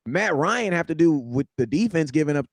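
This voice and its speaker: Lively emphatic man ranting about football. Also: on the high side, fairly quick, no room sound. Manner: emphatic, repeating points for effect. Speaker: podcast co-host. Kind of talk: casual sports talk.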